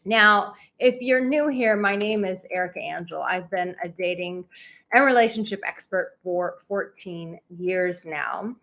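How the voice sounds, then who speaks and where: A woman's voice: lowish voice, measured pace, a bit bright. Effusive woman hosting a livestream. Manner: effusive, emotional, gushing with gratitude. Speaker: dating and relationship coach hosting a livestream. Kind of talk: livestream chat to viewers.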